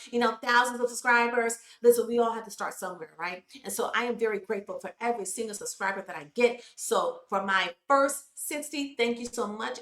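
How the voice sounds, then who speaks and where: A woman talks straight to her viewers in a preachy, emphatic way and keeps calling them "y'all." Her voice sits a little high and sounds bright and forceful. The recording has a roomy echo. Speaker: YouTube commentary host. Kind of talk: casual commentary vlog.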